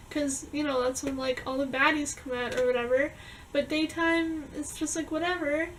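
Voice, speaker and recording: A young woman vlogger chattily recounting her dreams from a journal, with quick asides to the viewer. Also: high-pitched, a bit bright, distant mic, slight background noise, rough recording. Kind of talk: reading a dream journal to camera.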